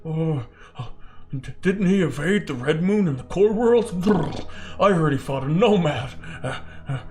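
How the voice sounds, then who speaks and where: A man voicing a scared alien henchman who mutters in a hushed, jittery way. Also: fairly high pitch, animated, unhurried. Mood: nervous.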